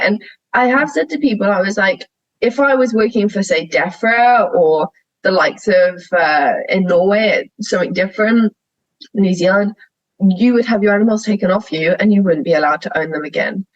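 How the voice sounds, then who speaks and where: A young woman talks candidly and with lively energy, telling stories from her work and breaking into laughter along the way. Her voice sits at an ordinary middle pitch for a woman. The recording sounds slightly dull and muffled, like lo-fi podcast audio. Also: normal speed, no room sound. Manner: frank, animated storytelling, laughs often. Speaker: sheep shearer and podcast guest. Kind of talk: candid conversational interview.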